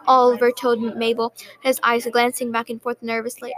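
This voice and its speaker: A woman's voice: on the high side, level tone, a little fast, hardly any pauses, a crowd in the background, poor audio. A woman narrating a story aloud in an earnest way, with small slips and restarts. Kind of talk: storybook reading.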